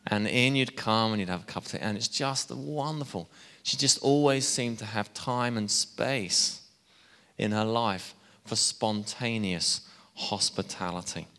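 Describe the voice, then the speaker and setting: Guy preaching, chatty and jokey, lowish voice, hall echo. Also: a little slow. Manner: chatty, warm asides, laughs at himself. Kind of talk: sermon. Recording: hall reverb.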